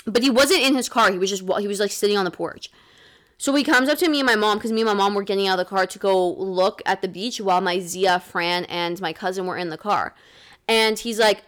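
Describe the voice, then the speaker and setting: A woman's voice: mid-range voice, brisk, fairly bright tone. A young woman co-hosting a podcast, casually telling a story with lots of "like" and some swearing. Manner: chatty, fillers of "like", swears casually. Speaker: podcast co-host.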